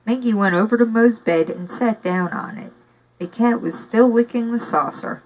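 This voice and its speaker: A woman's voice: lowish voice, poor audio. A woman reading a novel aloud, narrating steadily with occasional casual asides. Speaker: audiobook reader.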